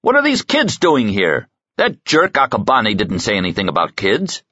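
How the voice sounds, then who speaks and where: A man voicing a brusque, burly adult male henchman in an audiobook, snapping loudly. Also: fairly low pitch, huge pitch swings, normal speed, slightly rough, no echo, muffled recording, heavily acted. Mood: snappish. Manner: snappish, loud and raised.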